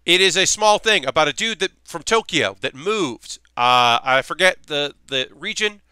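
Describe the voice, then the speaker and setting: Young guy streamer rambling along, super bright crisp voice, dry close sound. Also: on the high side, expressive, moderate pace, no echo. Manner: rambling, filler-heavy, chatty. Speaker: streamer hosting a model-building show. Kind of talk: casual livestream chat.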